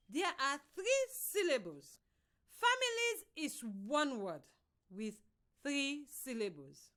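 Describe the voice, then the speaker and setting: Slow, lively woman teaching on radio. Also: high-pitched. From Sierra Leone. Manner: slow, drawn-out classroom instructions. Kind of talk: primary reading lesson on radio.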